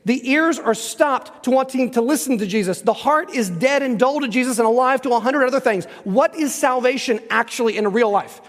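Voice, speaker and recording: A man preaching a sermon as a pastor, emphatic and conversational, slowing down to read scripture aloud. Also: very high-pitched. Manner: emphatic, conversational, slows down when reading scripture. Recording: reverberant hall.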